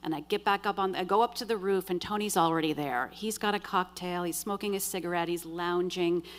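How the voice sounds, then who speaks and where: A woman telling a true story on stage in the first person, with dry, wry humor and lively quoted dialogue. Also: lowish voice, a little fast. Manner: vivid, animated retelling with quoted dialogue. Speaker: storyteller at a live show.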